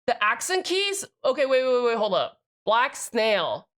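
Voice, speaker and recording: A woman's voice: fairly high pitch, big pitch swings, measured pace, fairly bright tone. A young woman livestreaming as she builds a keyboard, rambling casually, cutting herself off mid-thought, swearing freely and answering her chat.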